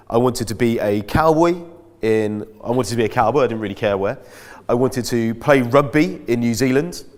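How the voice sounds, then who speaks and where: A man, giving a chatty, self-mocking talk as a guest speaker at a school. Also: medium pitch. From Britain. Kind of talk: anecdotal talk to an audience. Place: school hall. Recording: echoey hall.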